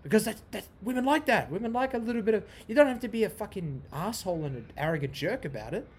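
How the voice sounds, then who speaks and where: A young man hosts his podcast in a casual, swearing ramble that keeps repeating itself and drifting off topic. His voice sits a little high for a man. It swings up and down a great deal as he talks. A faint background hiss sits under him. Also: very animated, quick pace. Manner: profane, repetitive, goes off on tangents. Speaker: podcast host.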